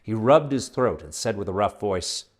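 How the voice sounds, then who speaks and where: A man narrating a science fiction story aloud with expressive, dramatic delivery. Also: fairly low pitch, normal speed. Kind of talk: dramatic audiobook reading.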